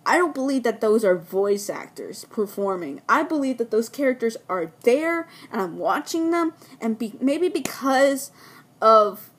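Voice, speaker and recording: Female reviewer with a somewhat high, strained voice; eager, rambling casual delivery. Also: sing-song, measured pace, breathy edge. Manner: enthusiastic, rambling with frequent restarts. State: losing her voice. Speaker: film reviewer. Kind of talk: casual spoken film review.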